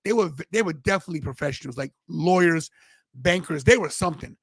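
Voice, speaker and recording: A man's voice: fairly high pitch, lively intonation, fast talker, slightly rough, no echo. A man hosting a podcast in casual chat, telling a rambling story with many restarts and fillers. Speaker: podcast host.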